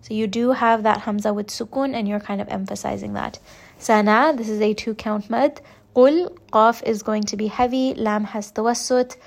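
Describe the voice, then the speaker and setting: A young woman teaching Quran recitation rules, explaining each point slowly and patiently. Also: mid-range voice, steady tone, creaky, darkish tone. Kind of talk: step-by-step tajweed lesson.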